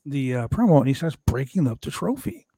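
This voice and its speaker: A man hosting a casual wrestling recap, animated and jokey, slipping into high voices to act out what others said. His voice sits mid-range and sounds close and dry, with no room around it. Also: brisk, creaky, husky, dry recording. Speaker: podcast host.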